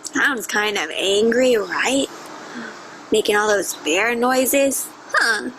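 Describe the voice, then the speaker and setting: A teacher reading a picture book aloud to children, expressive and asking them questions. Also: female voice, a little high, slow pace, a little hiss or hum, low-quality recording. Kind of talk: read-aloud storytelling for children.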